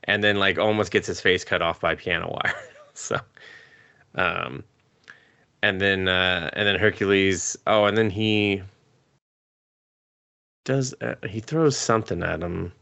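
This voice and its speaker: A man's voice: low-pitched, a little slow, creaky, pauses often, bright, forceful tone, dry recording. A man hosting a podcast, recapping anime in a rambling, profane, casual way while sick with a cough, chuckling often. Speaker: podcast host.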